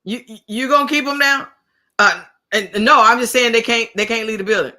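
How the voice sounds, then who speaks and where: A woman's voice: fairly high pitch, brisk, sharp tone. A woman on a podcast as guest brand coach, bantering in casual chat with incredulous humor.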